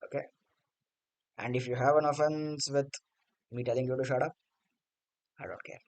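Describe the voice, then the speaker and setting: A man's voice: mid-range voice, fairly even intonation, fairly quick, low-quality recording. A man giving a blunt, sarcastic opinion rant as a cricket vlogger. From India.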